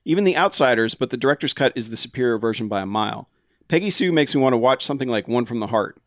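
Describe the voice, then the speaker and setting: A man's voice: medium pitch, lively intonation, fast, fairly bright tone, no room sound, clean studio sound. A man co-hosting a podcast, reading a listener's email aloud in a casual, laughing way. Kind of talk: casual chat.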